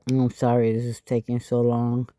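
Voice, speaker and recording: A woman hosting a casual craft tutorial, tired and a little stuffy, with a raspy, low voice as she explains each step. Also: monotone, normal speed, mellow, dry recording, clean studio sound. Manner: chatty, explaining step by step with frequent asides. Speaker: craft channel host.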